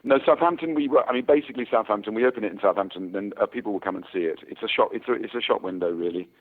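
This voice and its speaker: A man's voice: fairly low pitch, racing. A man in his sixties, an actor talking about his work in a casual interview, rambling with many fillers and restarts. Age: 60s. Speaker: actor guest. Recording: tinny phone-like sound.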